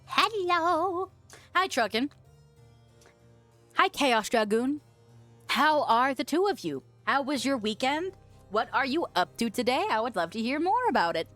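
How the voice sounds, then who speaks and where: A woman's voice: high-pitched, very animated, a little slow, pauses often, a bit bright, no room sound, faint music behind. A young woman streamer chatting casually while eating peanut butter, reading chat messages aloud, giggling and humming filler.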